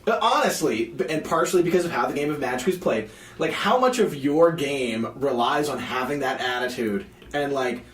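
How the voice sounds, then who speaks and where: A man's voice: mid-range voice, expressive, moderate pace, fairly bright tone, far from the mic. A man hosting a podcast in playful casual chat, steering the talk and restarting his words often. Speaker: podcast host. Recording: roomy, set back from the mic.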